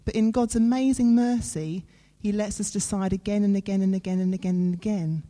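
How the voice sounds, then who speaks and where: A woman preaches in a warm, mellow voice. She talks to her listeners in an earnest, conversational way and leans on dramatic pauses. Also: medium pitch, steady tone. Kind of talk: sermon.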